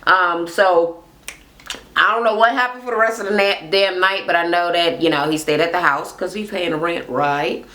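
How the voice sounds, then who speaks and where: A woman's voice: lowish voice, normal speed, slight background noise. A woman recapping a reality show on her channel, blunt and heavy on profanity, acting out what people said. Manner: animated storyteller acting out quotes. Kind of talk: casual recap rant.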